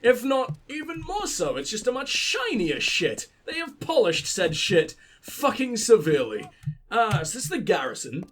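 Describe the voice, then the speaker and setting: A man's voice: high voice, huge pitch swings, normal speed, slight background noise. A man hosting a let's play, giving casual gameplay commentary full of profanity and mocking jokes.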